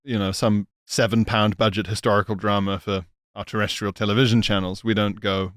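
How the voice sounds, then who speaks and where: A man from the UK co-hosting a comedy podcast, riffing in a lively, jokey way with lots of quick agreement. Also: on the low side, no echo, clean studio sound. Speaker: podcast co-host. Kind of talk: casual comedic chat.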